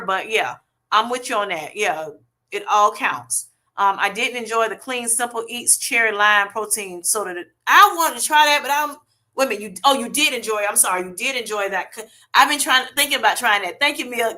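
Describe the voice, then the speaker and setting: Her voice a little high, pushed and bright, a middle-aged woman chats affectionately through viewer comments on a casual livestream. She calls people "honey" and "baby" as she answers.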